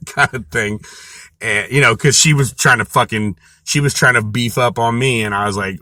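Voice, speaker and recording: Man, deep low voice, bright forceful tone, rambling profane storytelling, casual vlog, dry close recording. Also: moderate pace, dry recording.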